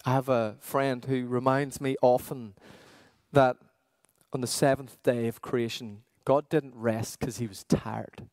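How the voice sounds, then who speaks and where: Man, sermon, slow deliberate delivery, dry close sound. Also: mid-range voice, little pitch movement, darkish tone, no echo. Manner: earnest, questioning, with slow emphatic pauses. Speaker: pastor.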